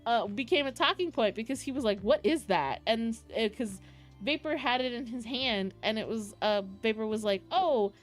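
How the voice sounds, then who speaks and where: A young woman streamer telling a story in casual chat with her viewers, excitable and rambling, full of fillers. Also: fairly high pitch, normal speed, soft background music.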